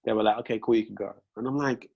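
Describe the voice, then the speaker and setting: A man's voice: fairly low pitch, rapid-fire, creaky, breathy edge, dull audio. A young man hosting a casual chat, telling stories and acting out both sides of conversations. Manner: animated storytelling, acts out police exchanges. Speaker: podcast host.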